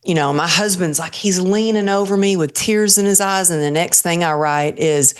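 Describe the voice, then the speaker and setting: A woman's voice: fairly low pitch, normal speed, smooth. A woman guest on an interview show, earnestly telling a personal story and acting out her own thoughts as she goes.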